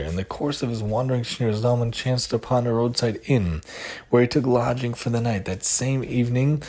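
A man hosting a recorded religious lesson, retelling stories in an earnest, measured teaching cadence. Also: medium pitch, dark tone, husky. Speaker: host of a Torah lesson show.

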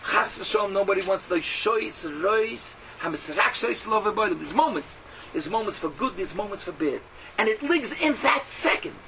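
A man giving a sermon to a class, mixing in Yiddish and Hebrew terms and swinging from hushed tones to loud exhortation. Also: high voice, animated, moderate pace. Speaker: Torah teacher. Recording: dull lo-fi audio from a distance with faint hum.

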